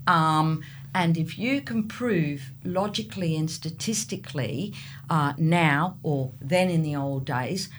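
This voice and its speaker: A middle-aged woman, a real estate agent, telling lively stories in a podcast interview and acting out the people she deals with. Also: low-pitched, takes it slowly, a little hiss or hum. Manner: animated storyteller, acts out buyers.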